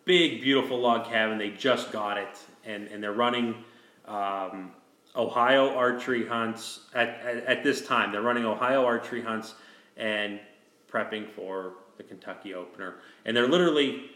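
Male host, low-leaning voice, easygoing rambling storyteller, recorded in a reverberant room. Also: moderate pace, a bit bright. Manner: rambling, with many restarts and "you know". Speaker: host telling a hunting story. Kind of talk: casual storytelling chat.

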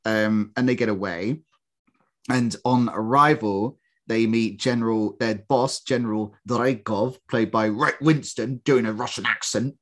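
A man's voice: mid-range voice, a little slow, a bit bright. Guy on a film podcast, chatty and sarcastic, cracks up a lot. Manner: joking, sarcastic, laughs often. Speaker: podcast co-host. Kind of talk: casual film review chat.

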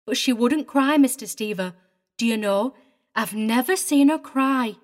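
A prim, tearful middle-aged governess, played by a woman in an audiobook drama. She sits a touch high in pitch and talks in an agitated, wavering way, primly proper even when upset. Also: unhurried, close to an everyday voice. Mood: vehement, tearful.

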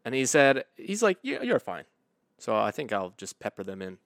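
Guy cracking jokes on a podcast, bouncy lively voice, dry close mic. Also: mid-range voice, a little fast, no echo. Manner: playful, jokey banter. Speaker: podcast co-host. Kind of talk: casual chat.

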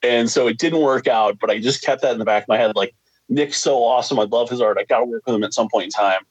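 Man, comic writer, guest, relaxed, chatty, mid pitch, dry sound. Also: quick pace, slightly rough, no echo, muffled recording. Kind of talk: casual interview answer.

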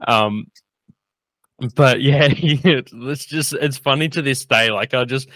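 Rambling man with a bright, forceful voice. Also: medium pitch, slow pace, no echo. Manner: rambling, lots of fillers, laughs often. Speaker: podcast host. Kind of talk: casual chat.

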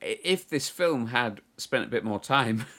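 A man's voice: mid-range voice, measured pace. A man co-hosting a podcast, making wry remarks and giggling in casual chat. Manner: wry, giggly, lively delivery. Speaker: podcast co-host.

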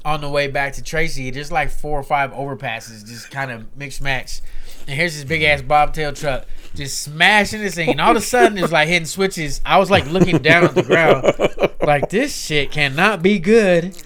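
A man's voice: fairly high pitch, normal speed, bright, forceful tone, slight background noise. A middle-aged man from Northern California in casual chat, telling loose, profane stories. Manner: swearing, loose storytelling.

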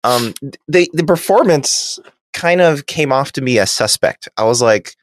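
A man's voice: medium pitch, animated, measured pace, no echo. A man co-hosting a podcast, chatting casually and enthusiastically, explaining his points with asides. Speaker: podcast co-host. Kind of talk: casual chat.

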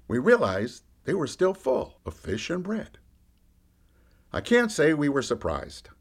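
Give me a man voicing a candid fisherman disciple telling his story with lively, animated pitch. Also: breathy edge, full character voice. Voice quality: lively storyteller, rising and falling with the action. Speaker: podcast storyteller. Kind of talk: first-person character monologue.

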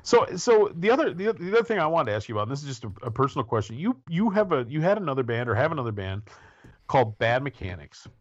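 In a lo-fi recording without echo, a man in his forties hosts an interview podcast, joking around casually, rambling, and restarting his sentences a lot. He speaks fast at a medium pitch with big swings up and down.

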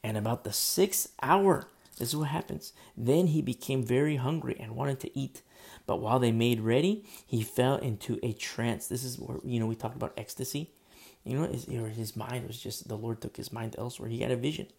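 A pastor giving a conversational sermon, reading scripture aloud and explaining it, with frequent "you know" fillers. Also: male voice, medium pitch, brisk, gravelly, darkish tone. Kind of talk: expository sermon.

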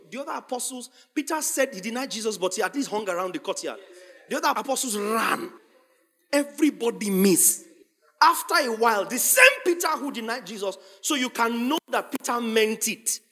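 A man preaching a sermon, acting out scripture scenes and building up to shouted lines. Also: high voice. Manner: dramatic, acts out scripture voices, builds to shouting. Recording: long hall reverb.

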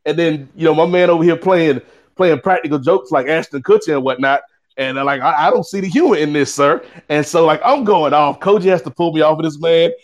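Male co-host, animated raconteur, fairly high pitch, mimics characters as he tells it. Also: a little fast, lo-fi sound. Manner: lively, acts out quoted voices with big pitch swings. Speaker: guest co-host. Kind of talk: animated storytelling.

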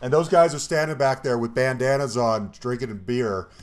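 A man's voice: mid-range voice, moderate pace. A man from Colorado hosting a podcast interview, laughing often and listening eagerly. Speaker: podcast host. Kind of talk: casual interview chat.

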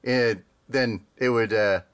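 A man co-hosting a casual podcast chat, rambling and amused, with many fillers and quick laughs. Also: medium pitch, fairly even intonation, a bit bright, clean tone. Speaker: podcast co-host.

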